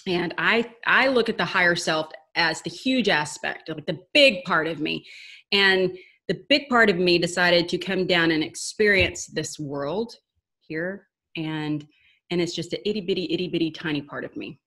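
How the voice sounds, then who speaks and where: A woman's voice: fairly low pitch, moderate pace, sharp tone. A woman co-hosting a casual spiritual chat, talking in an earnest, rambling, self-questioning way. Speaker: podcast co-host.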